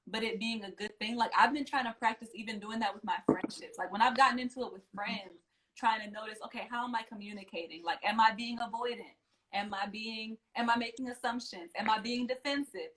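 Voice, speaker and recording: A woman's voice: a little high, fairly bright tone, poor audio. A young woman hosting a casual interview, chatty and reflective, often saying "you know" and "like". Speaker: podcast host.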